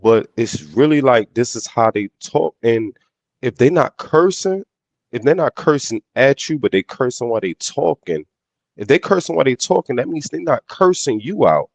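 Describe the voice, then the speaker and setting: A man's voice: medium pitch, very animated, normal speed, gravelly, dry recording. A man in a casual podcast debate, talking in street slang and often repeating and restarting his phrases.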